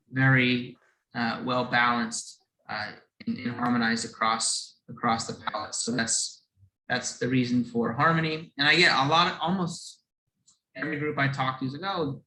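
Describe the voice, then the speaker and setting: Bright-voiced man explaining over a video call. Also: mid-range voice, steady tone, moderate pace, reverberant, a little hiss or hum, poor audio. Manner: earnest, restarts phrases, chuckles often. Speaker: whiskey brand presenter.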